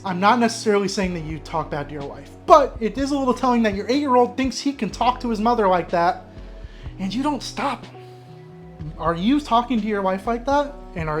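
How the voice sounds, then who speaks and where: Exasperated man reacting to a story. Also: high-pitched. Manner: exasperated, blunt, breaks into frustrated rants. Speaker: advice reaction host. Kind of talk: reading and reacting to an online story.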